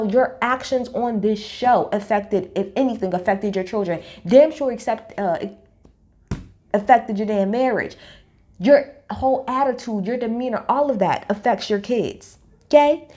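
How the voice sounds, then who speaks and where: A woman recapping a reality TV episode in a blunt, profane, animated storytelling style. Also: fairly high pitch. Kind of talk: casual opinionated recap.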